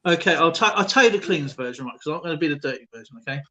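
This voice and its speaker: A man's voice: fairly high pitch, expressive, very fast, sharp tone. A man hosting a stream in casual chat, telling rambling jokes and laughing often. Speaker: stream host.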